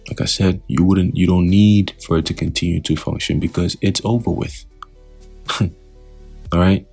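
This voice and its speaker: A man's voice: low voice, steady tone, moderate pace, gravelly, a little mellow, slightly rough, soft background music. A man teaching scripture in a loose, talkative way, often putting questions to the listener.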